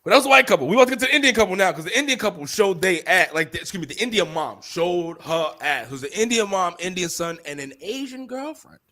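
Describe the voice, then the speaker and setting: A man's voice: sits high, fast, hardly any pauses. A young man co-hosting a podcast, telling a story in casual, profane chat and acting out the people in it. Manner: animated, profane, acts out quoted people. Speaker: podcast co-host.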